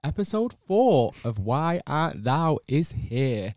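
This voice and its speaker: A man's voice: a little high, sing-song, slow pace, a little mellow, dry recording, clean studio sound. A man hosting a podcast in casual, playful chat, teasing his guests and laughing often. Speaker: podcast host.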